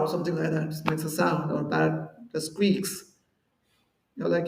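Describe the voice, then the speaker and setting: A man with a high, gravelly, slightly mellow voice gives a chatty devotional lecture at a measured pace, leaving long pauses. He illustrates points with everyday examples and little acted-out quotes, sounding distant in a reverberant temple hall.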